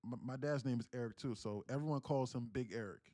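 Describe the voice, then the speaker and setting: A man's voice: medium pitch, quick pace, warm tone, no echo, clean studio sound. A man in his thirties telling a profane, emphatic story on a day trading livestream, with frequent restarts.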